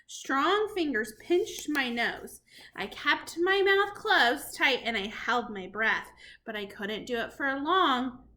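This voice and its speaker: A woman reading a storybook chapter aloud to children in an expressive, dramatic way. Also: high voice, slow pace. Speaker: reader to children.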